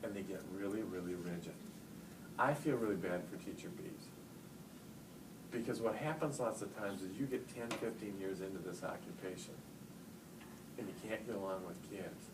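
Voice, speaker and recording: A middle-aged man giving a live talk to teachers and parents, telling stories in an animated way and getting loud for punch lines. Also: fairly low pitch. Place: large hall with audience. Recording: echoey hall, distant mic, noisy.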